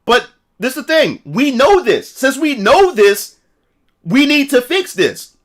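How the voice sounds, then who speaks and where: A man's voice: very high-pitched, big pitch swings, a little slow, fairly bright tone. A man telling a story in a casual livestream rant, profane and repetitive. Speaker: streamer.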